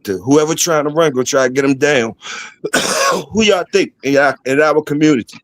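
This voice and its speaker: A middle-aged man from the DMV area of the US, with a Baltimore accent, hosts a laid-back livestream full of laughter and casual streetwise talk. His fairly high voice is animated and a bit bright at a moderate pace. There's no room sound.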